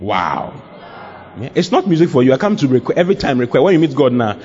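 A man preaching an animated sermon, laughing, mimicking voices and breaking into shouts. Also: mid-range voice, quick pace. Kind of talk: lively sermon. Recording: dull lo-fi recording.

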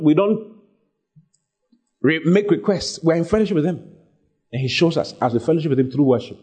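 A man's voice: mid-range voice, warm tone, breathy edge. A male preacher delivering a sermon, emphatic and repetitive, reading scripture aloud and urging his listeners on. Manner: emphatic, repeats phrases, reads scripture aloud.

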